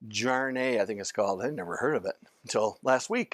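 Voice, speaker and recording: A man's voice: mid-range voice, lively intonation, fairly quick, dry recording. Older man rambling through an anecdotal lecture. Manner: rambling, anecdotal, often breaks off and restarts sentences. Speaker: physician lecturer. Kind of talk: informal training lecture.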